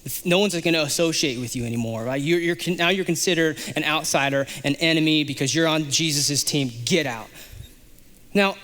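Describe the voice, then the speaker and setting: A man pastor preaching a sermon, animated, acting out the characters of a scripture passage in quick asides. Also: on the high side, big-room sound.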